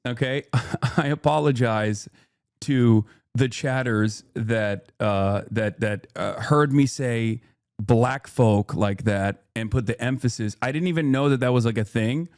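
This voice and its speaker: A man's voice: mid-range voice, a little mellow, dry recording, studio quality. A man hosting a live stream, talking back to his chat in a casual way and moving between joking and earnest explanation, with many restarts as he thinks aloud. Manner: frequent restarts and filler while thinking aloud. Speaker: livestream host.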